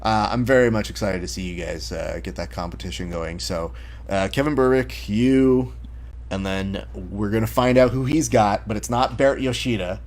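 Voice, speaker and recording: Speaking at a normal speed in a voice on the low side, this podcast host keeps a casual interview lively with energetic stories. When he quotes someone, he performs the line.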